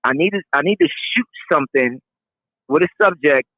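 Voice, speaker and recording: A man tells a personal story in an easygoing, slangy voice that sits a touch high for him. He fills the talk with loose fillers. The audio is muffled and lo-fi, with no room sound at all. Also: fairly quick, no room sound. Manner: relaxed, slangy, many fillers. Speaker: interviewee. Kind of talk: casual storytelling. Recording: dull, dry lo-fi audio.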